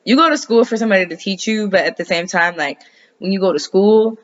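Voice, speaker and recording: Woman vlogger, casual and rambling, swears a lot, mid-pitched, muffled lo-fi audio. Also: brisk. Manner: loose, rambling, sprinkled with swearing. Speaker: astrology vlogger. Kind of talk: casual personal chat.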